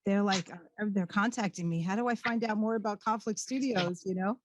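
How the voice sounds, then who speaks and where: A woman's voice: medium pitch, fairly quick, noisy background. A woman with a Brooklyn accent hosting a casual interview over a video call, chatty and effusive with hesitant restarts. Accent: Brooklyn New York. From Brooklyn, New York. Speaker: talk show host.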